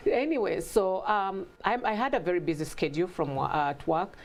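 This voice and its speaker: A woman's voice: lowish voice, moderate pace, few pauses, noisy background. A middle-aged woman with a mixed African and British accent, a guest telling her story in a conversational interview and acting out quoted voices.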